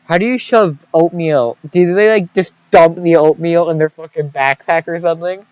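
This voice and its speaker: A young man hosting a casual podcast, reading diary entries with lots of jokes and swearing. His voice sits a touch high for a man, and he trips over words as he rambles. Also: normal speed, a little mellow, smooth, no echo, muffled recording. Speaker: podcast co-host. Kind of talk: casual podcast chat, reading diaries aloud.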